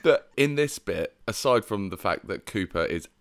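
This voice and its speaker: Man, very deep voice, dry close sound, casual film chat, laughs and swears, podcast co-host. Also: normal speed, no room sound. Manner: animated storytelling, laughs often, swears.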